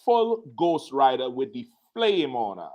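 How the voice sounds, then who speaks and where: Male host, casual show talk, animated storyteller who acts out quotes, mid-range voice. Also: medium pitch, a little slow.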